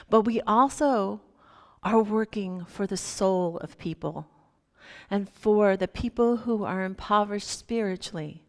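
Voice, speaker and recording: A woman minister giving a sermon, telling stories animatedly and acting out the voices in them. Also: mid-range voice. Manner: animated, acts out quoted voices in her stories. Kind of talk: sermon with storytelling. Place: church sanctuary. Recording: long hall reverb.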